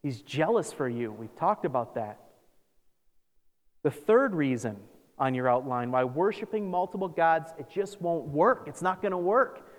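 Pastor preaching in a reverberant hall. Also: male voice, on the high side, unhurried. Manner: animated, acts out scripture with sarcastic voices. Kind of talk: sermon. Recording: long reverb of a large hall.

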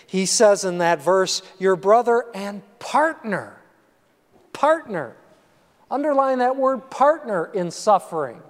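Male pastor, unhurried, chatty and animated sermon, ringing church hall. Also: high-pitched. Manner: conversational, animated preaching with asides. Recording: long hall reverb.

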